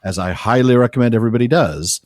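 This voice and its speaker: A man's voice: mid-range voice, quick pace, no room sound, clean studio sound. A man co-hosting a podcast, reading passages aloud and breaking them down in casual discussion. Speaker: podcast co-host.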